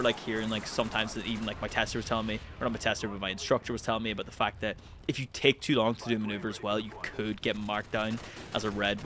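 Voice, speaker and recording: Young man, casual vlog storyteller with a bright, forceful voice; animated, swears a lot, spikes high when excited. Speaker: channel host.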